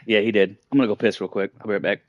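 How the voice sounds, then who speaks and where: A man's voice: lowish voice, fairly even intonation, racing, no room sound, highs cut off. A man telling a story casually, rambling and profane, with many fillers and restarts.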